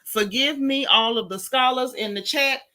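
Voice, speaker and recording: A sassy woman with a Southern drawl runs a livestream gossip show, hammering her points home by saying them twice. Her voice sits a little high and rings bright and forceful. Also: moderate pace. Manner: sassy, emphatic, repeats lines for effect. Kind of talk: casual livestream gossip commentary.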